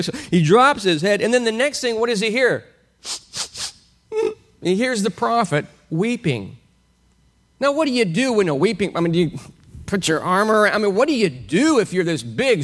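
With a fairly high voice, a man preaches an expository sermon in an animated teaching style. He throws rhetorical questions at his audience and chuckles now and then.

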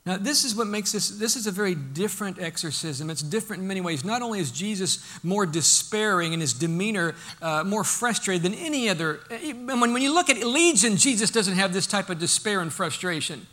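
A man preaching a sermon, emphatic, acting out Bible quotes and dropping to a hush for his points. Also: high voice, expressive, fairly quick, hardly any pauses. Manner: emphatic, swings from loud to hushed, acts out Bible quotes.

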